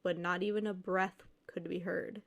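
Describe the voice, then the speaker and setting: A woman's voice: fairly low pitch, little pitch movement, moderate pace, lo-fi sound. A woman podcast co-host reading listener stories aloud, then joking and laughing with her co-host. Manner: reads steadily, then jokes and laughs freely.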